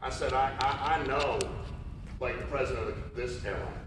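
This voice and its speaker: Speaking at a normal speed in a mid-range voice, a man tells stories during a keynote in a large conference hall and acts out the quotes of those involved with animation. The recording is distant and echoey, with a noisy background.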